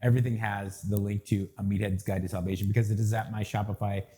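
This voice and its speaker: Mellow-voiced man, joking podcast guest. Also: fairly low pitch, little pitch movement, fast talker. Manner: loose, joking, plugs his work. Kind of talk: casual chat.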